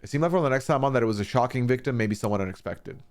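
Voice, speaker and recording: A man's mid-range voice races along as he streams an opinionated reality-show recap. He's animated, drops swear words freely, and voices the quoted lines himself.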